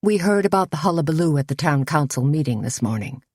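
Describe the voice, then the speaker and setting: Woman doing a teasing, showy hairdresser guy, dry low read. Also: animated, fast, a little mellow, no echo. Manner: teasing, theatrical. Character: flamboyant, teasing man hairdresser.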